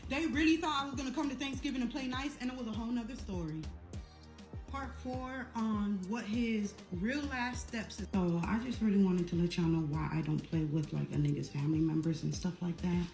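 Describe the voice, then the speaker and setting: A woman's voice: medium pitch, fairly quick, darkish tone. A young woman telling a family drama storytime in a casual, blunt and profane way. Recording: roomy echo with faint music.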